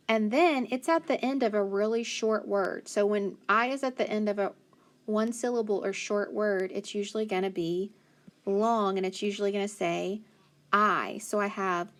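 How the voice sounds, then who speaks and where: A woman teaching a phonics lesson, patiently sounding out words and encouraging the listener. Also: medium pitch.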